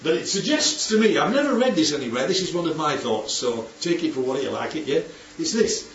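A man leading a Bible study group. He speaks in an animated teaching manner and often checks for agreement. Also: on the high side, fairly quick, slight background noise. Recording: roomy, distant, dull recording with faint background ambience.

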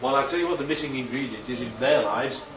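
A man preaching a sermon, animated and full of rhetorical questions, his voice leaping up for emphasis. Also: mid-range voice, quick pace, a crowd in the background. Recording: roomy, distant, dull sound with faint ambience.

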